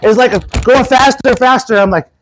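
A man preaching a sermon at a church service, telling stories with animated quoted voices and chuckles. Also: very high voice, moderate pace, slight background noise. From Houston, Texas. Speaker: guest preacher.

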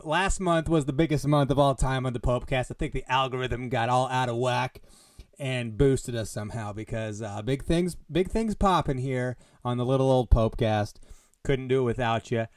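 A man hosts his solo comedy podcast, rambling from one bit to the next in a joking, mock-grandiose tone. His voice sounds smooth and clear. The recording is close and dry, with no room sound. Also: mid-range voice, normal speed, no echo. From American Midwest. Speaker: podcast host. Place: Des Moines. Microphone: headphones on, home podcast mic.

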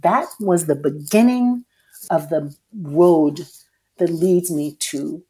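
A woman guest and author telling a personal story frankly and emotionally, cursing at times and swinging between hushed and loud. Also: sits low, slow.

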